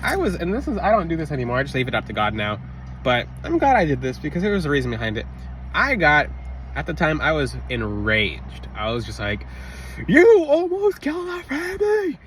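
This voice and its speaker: A man telling a personal story in a casual, rambling monologue, interrupting himself and bursting into loud re-enacted shouts. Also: medium pitch, sing-song, a little fast. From Florida. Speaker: religious vlogger. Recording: slightly distant mic, faint outdoor traffic noise.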